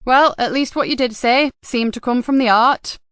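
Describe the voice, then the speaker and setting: A woman voicing a tough, blunt female detective inspector who talks in a forceful, no-nonsense way. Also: high-pitched, normal speed, clear, resonant tone, dry recording, clean studio sound, pitched above the performer's own voice. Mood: probing.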